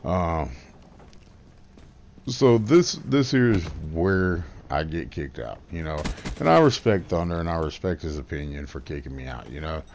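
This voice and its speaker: A man's voice: deep voice, very animated, measured pace, a little mellow, slight background noise. A man telling a comedic, trash-talking story as a guest youtuber, brash and crude.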